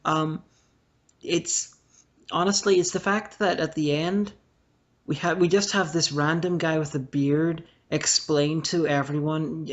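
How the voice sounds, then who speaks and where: A podcast co-host in casual chat, wry and a little stammering. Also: medium pitch. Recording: dull lo-fi podcast sound.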